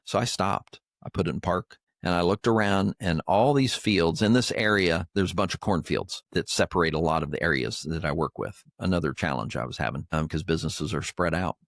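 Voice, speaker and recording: A man's voice: sits low, fairly quick, gravelly, few pauses, fairly bright tone, no echo, studio quality. An older man co-hosting a podcast, telling a personal faith story in an earnest, emotional way. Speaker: podcast co-host. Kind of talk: heartfelt storytelling chat.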